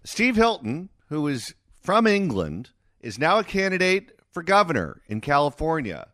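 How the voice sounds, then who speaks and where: A man hosting a call-in radio talk show, jokey and quick to move between callers. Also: fairly high pitch, huge pitch swings, a bit bright, dry recording, studio quality. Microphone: studio mic.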